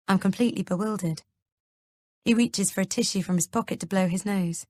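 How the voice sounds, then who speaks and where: Woman narrator, audiobook, calm, steady, low voice, dry close mic. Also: normal speed, no room sound. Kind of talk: first-person audiobook narration.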